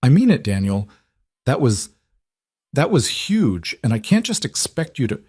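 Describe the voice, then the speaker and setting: A man's voice: mid-range voice, big pitch swings, a little slow, a little mellow, slightly rough, no echo, clean studio sound, pitched above the performer's own voice. A man voicing an anxious, grateful single mother in a narrated story, speaking earnestly and emotionally.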